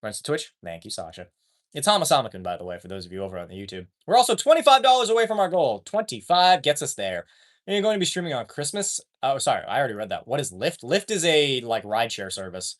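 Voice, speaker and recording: Rambling male streamer with lively pitch. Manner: rambling and loose, swears casually, trails off mid-sentence. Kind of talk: casual live-stream chat, reading viewer comments.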